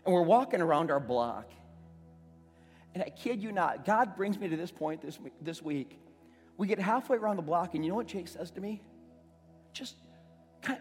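Pastor in his forties, slightly high voice, chatty sermon that builds to loud emphasis, long church-hall echo. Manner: conversational storytelling, restarts, swells to loud emphasis. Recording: long reverb of a church hall, faint music.

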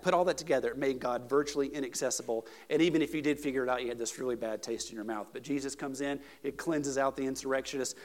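A male pastor preaching a sermon, moving between casual asides and loud, emphatic peaks. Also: medium pitch.

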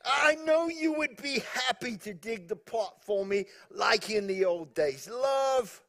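A man's voice: extremely high pitch, animated, takes it slowly, a bit bright, heavily acted. A man voicing a sad aging Italian-American father with a put-on New York accent.

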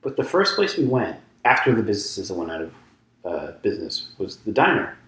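A man with a lowish voice co-hosting a podcast, telling stories with eager, self-mocking enthusiasm. His voice echoes off the walls of the room. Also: big pitch swings, brisk, a bit bright. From grew up in England. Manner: enthusiastic storyteller, self-deprecating. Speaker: podcast co-host, reporter. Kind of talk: casual chat.

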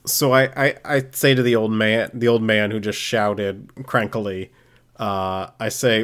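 A man's voice: on the low side, steady tone, measured pace, fairly bright tone. A man playing a tabletop game, casual and skeptical as he questions the other figures. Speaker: player.

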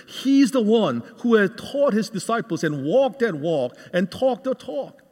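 Man preaching, animated, high voice, cordless mic, long hall echo. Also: unhurried. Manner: animated, asks the congregation questions. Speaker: guest preacher. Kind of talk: sermon. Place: church hall. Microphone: cordless microphone. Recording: reverberant hall.

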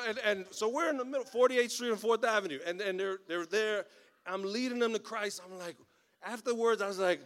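Male pastor, upper-middle pitch, lively storyteller who drops jokes into his sermon. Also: moderate pace. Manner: animated storytelling with humorous asides.

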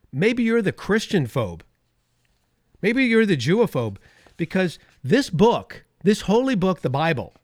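A man's voice: fairly high pitch, dry recording, clean studio sound. A man hosting a talk radio show, delivering an opinionated monologue with emphatic repetition and sarcastic asides. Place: radio studio.

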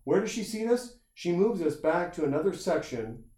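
A man telling a long, animated anecdote in casual chat, acting out the people in it and swearing freely. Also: sits high, normal speed. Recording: roomy echo.

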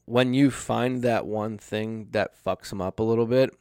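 A man's voice: on the low side, fairly even intonation, moderate pace, darkish tone, clear, resonant tone, dry recording, clean studio sound. A young man telling a casual, profane story on a podcast, acting out quoted lines as he goes. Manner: swears a lot, acts out quotes.

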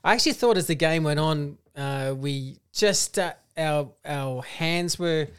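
Aussie guy talking footy with a mate, bit higher voice, smooth and clear. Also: measured pace. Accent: Australian. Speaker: football podcast co-host. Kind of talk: casual chat.

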